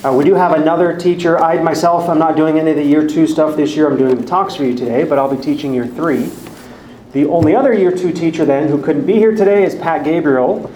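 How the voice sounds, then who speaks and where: Man, bible study teacher, slightly high voice, friendly announcements, echoey church hall, faint room hum. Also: fairly quick, mellow. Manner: friendly, organized, conversational. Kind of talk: announcements to a live group.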